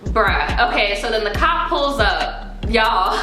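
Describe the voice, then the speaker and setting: A young woman from New York telling a story in an animated, chatty, profane way. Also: a little high, measured pace. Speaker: vlogger. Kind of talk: casual storytime. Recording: roomy echo with faint music.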